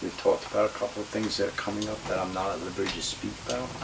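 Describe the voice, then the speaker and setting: A man's voice: deep voice, flat delivery, very fast, vocal fry. A man telling a wrestling story in an interview, heated, emphatic and profane. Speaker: retired pro wrestler. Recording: distant mic with faint hiss.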